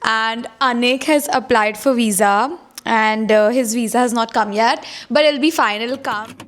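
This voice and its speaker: A woman in her twenties chatting to camera in a casual vlog, gushing and excitable, repeating herself as she talks. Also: on the high side, measured pace. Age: 20s. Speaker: vlogger.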